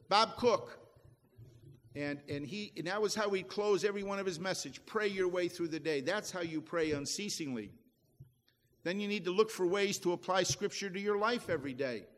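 A man's voice: high-pitched, a little fast, big-room sound. A middle-aged man preaching a sermon as pastor, folksy and emphatic, often restarting his phrases.

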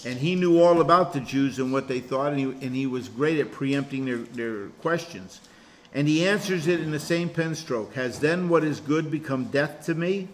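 A man's voice: fairly high pitch, moderate pace, slight background noise. A man pastor leading an informal Bible study class. He talks conversationally and explains verse by verse, restarting his sentences often.

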